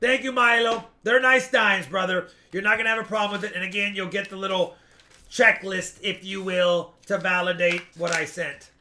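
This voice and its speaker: A man hosting a live-stream coin auction, explaining each lot at length with quick asides. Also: sits high, fairly even intonation, pushed and bright, a little hiss or hum. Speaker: coin seller and stream host.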